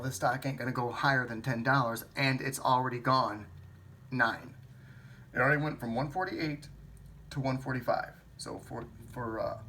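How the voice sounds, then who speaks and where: In this bit of thinking-aloud market commentary, a vlogger rambles over a stock trade, second-guessing himself with some swearing. The voice is mid-range and a bit bright, with a slight hiss or hum.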